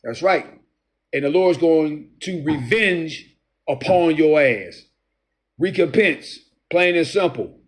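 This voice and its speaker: A man's voice: fairly high pitch, animated. Profane, taunting man preaching scripture. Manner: profane, taunting, addresses listeners as devil; reads scripture slowly, restarts verses. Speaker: street preacher. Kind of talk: confrontational scripture-reading sermon.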